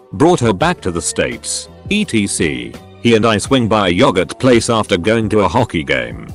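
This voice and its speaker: A man reading short funny stories aloud as a scripted narration, with a lively storytelling delivery. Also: on the low side.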